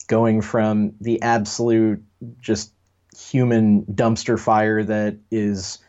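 A man co-hosting a casual pop culture podcast, rambling and joking with lots of fillers. His voice sits on the low side. The recording sounds dull and lo-fi. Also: completely flat delivery, slow, darkish tone. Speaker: podcast co-host.

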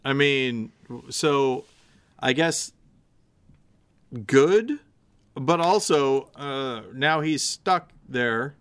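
Male podcast co-host from the Midwest, casual, rambling, smooth clear voice. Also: medium pitch, animated, very slow, long pauses, a bit bright. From American Midwest. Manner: rambling, hesitant with many fillers. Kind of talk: casual chat.

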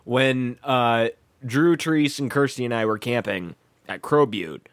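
A man's voice: medium pitch, a little slow, no echo. A young man hosting a podcast, telling rambling stories in a crude, joking, casual chat. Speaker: podcast host.

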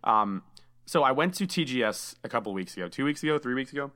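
A man's voice: mid-range voice, animated, fast, sharp tone. A man hosting a casual podcast, chatty and enthusiastic, saying dude a lot. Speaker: podcast host.

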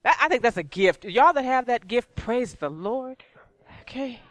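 A woman's voice: on the high side, animated, unhurried, no room sound. A woman preaching in church, conversational and repetitive, with rhetorical questions. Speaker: church speaker. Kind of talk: sermon.

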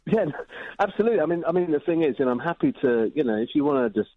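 A man's voice: a little high, animated, racing. A man calling in to a radio show, chatty and earnest as he gives cooking advice. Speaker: caller. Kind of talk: phone-in chat. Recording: tinny phone line.

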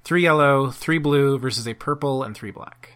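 A man's voice: medium pitch, moderate pace, a bit bright. A man playing a tabletop role-playing game, laughing often as he explains his dice rolls and his character's actions. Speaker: player.

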